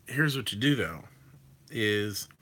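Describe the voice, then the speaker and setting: A man's voice: fairly low pitch, animated, slow pace, sharp tone, husky. A man hosting a livestream, chatting casually and rambling with fillers and swearing while reacting to viewer comments. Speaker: livestream host reading chat. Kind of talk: casual chat.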